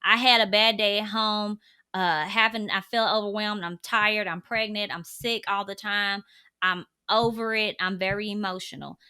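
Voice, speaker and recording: A woman's voice: mid-range voice, fairly even intonation, normal speed, pushed and bright, clear, resonant tone. A woman in her thirties talking casually and earnestly to camera, giving parenting advice drawn from her own family. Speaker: parenting vlogger.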